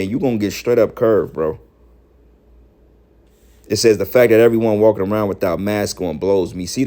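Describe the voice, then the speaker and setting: A man giving heated, profane preaching commentary, scolding his listeners and rising to shouts. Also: lowish voice. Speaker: religious commentator.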